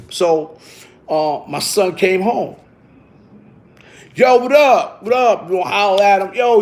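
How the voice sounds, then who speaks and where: A middle-aged man telling a story in casual street slang, tagging lines with "you heard?". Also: sits high. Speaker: vlogger.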